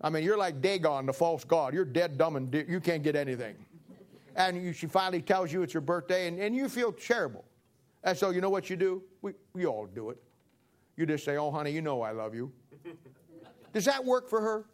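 A man's voice: sits high, lively intonation, brisk. A man preaching a sermon in a folksy, joking way, acting out little everyday scenes. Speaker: pastor.

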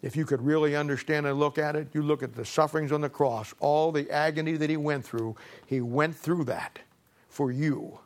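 A man's voice: a little high, normal speed. A male preacher telling a folksy story in his sermon, often repeating words as he goes.

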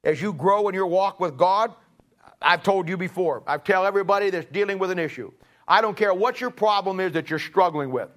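A man's voice: sits high, fairly quick, fairly bright tone. A middle-aged man, preaching a sermon in a folksy storytelling way and acting out both sides of a talk. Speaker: pastor.

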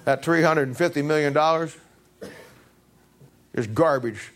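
A man preaching a sermon as pastor, pressing the congregation with repeated rhetorical questions, his pitch swinging from low to high. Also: unhurried, fairly bright tone. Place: church.

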